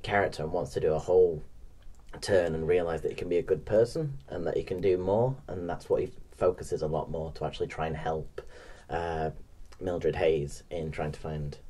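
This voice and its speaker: A man's voice: deep voice, moderate pace, mellow. A man co-hosting a film podcast, chatting casually and hesitantly with lots of fillers and laughs. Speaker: podcast co-host.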